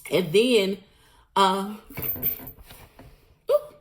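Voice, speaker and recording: A woman vlogger recapping a show in a blunt, animated, slangy storytelling manner. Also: mid-range voice, extremely slow. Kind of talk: casual recap monologue.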